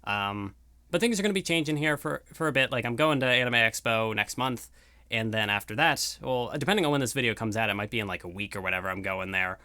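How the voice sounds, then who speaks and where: A man's voice: mid-range voice, fast talker, bright, forceful tone, smooth, no room sound, clean studio sound. A young man rambling casually through a video outro at home, self-deprecating and full of fillers. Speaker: YouTuber. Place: room at home.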